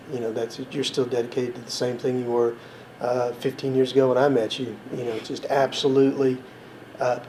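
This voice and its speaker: A man's voice: medium pitch, darkish tone, rough recording. A man in a mid-range voice hosting an interview, rambling through his questions with plenty of "uh"s and restarts. Faint background noise is audible behind him. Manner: rambling, hesitant questions with many fillers. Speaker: interviewer, show host. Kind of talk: conversational interview.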